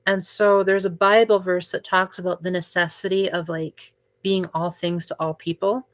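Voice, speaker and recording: A woman's voice: lowish voice, flat delivery, normal speed. A young woman hosting a casual livestream, chatting with viewers and filling her talk with "like" and "um". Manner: chatty, frequent "like" and "um" fillers. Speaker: livestream host.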